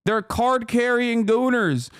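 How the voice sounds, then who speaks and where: A man's voice: very high voice, takes it slowly, clean tone, no room sound, clean studio sound. A man streaming, ranting casually and profanely, breaking into mocking put-on voices. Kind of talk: casual livestream commentary.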